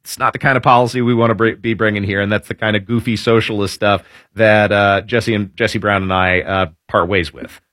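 A man's voice: lowish voice, fairly even intonation, brisk, a bit bright, no echo, studio quality. A man hosting opinionated political news commentary, sarcastic and full of hesitant fillers.

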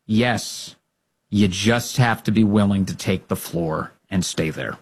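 A man hosting a political talk program, giving emphatic, rallying commentary that swings up in pitch when he gets fired up. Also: slow, slightly rough. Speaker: political talk show host. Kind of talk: opinionated commentary.

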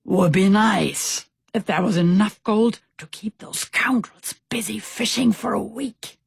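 A woman's voice: mid-range voice, measured pace, creaky, breathy edge, no room sound, pitched above the performer's own voice, heavily acted. Woman doing a big old sailor guy, hearty and friendly, storybook. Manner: bluff, hearty exclamations. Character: stout old seafaring man, good-natured.

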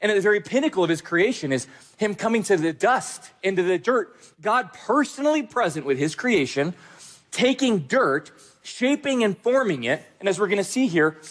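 A male pastor preaching a sermon, speaking emphatically and repeating phrases for stress. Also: high-pitched.

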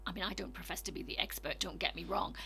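A woman from Britain hosting a casual chat, chatty and quick to laugh. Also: fairly low pitch, level tone, gravelly, bright, forceful tone, a little hiss or hum.

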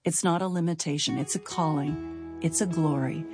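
Low-voiced woman giving earnest teaching. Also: fairly even intonation, moderate pace, music in the background. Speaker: Bible teacher. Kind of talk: recorded women's teaching talk.

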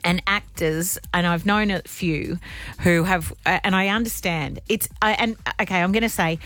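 A woman's voice: fairly low pitch, steady tone, normal speed, fairly bright tone, faint music behind. Chatty woman radio co-host. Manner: chatty, self-deprecating, laughs easily. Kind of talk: casual radio banter.

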